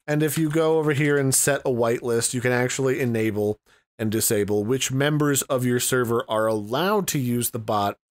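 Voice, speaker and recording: A man's voice: medium pitch, moderate pace. Casual man walking through a tutorial. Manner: rambling, conversational, thinks aloud with fillers. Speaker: tutorial host. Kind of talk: casual screen-recorded tutorial.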